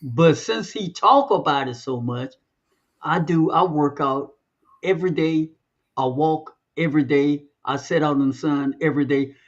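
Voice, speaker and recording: The audio is dull as a man with a voice on the high side co-hosts a podcast, keeping the casual chat loose and conversational while lengthening the words he wants to stress.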